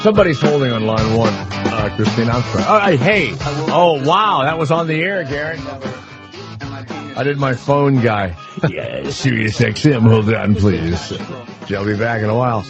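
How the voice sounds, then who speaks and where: A man's voice: medium pitch, expressive, moderate pace, highs cut off, over loud music. A man hosting a talk radio show, chatting loosely and joking with guests and callers, rambling with fillers. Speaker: radio host. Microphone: studio microphone.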